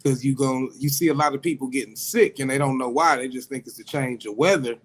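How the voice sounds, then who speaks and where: Chill midwest guy co-hosting, explains stuff steady and casual. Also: medium pitch, brisk. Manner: easygoing, explains things steadily. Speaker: co-host. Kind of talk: casual radio chat.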